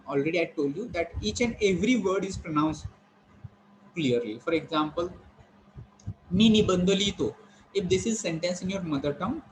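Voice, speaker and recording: A man teaching online, explaining slowly with frequent fillers and repetition. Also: sits high, a little hiss or hum, rough recording. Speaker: English teacher. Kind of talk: online lecture to students.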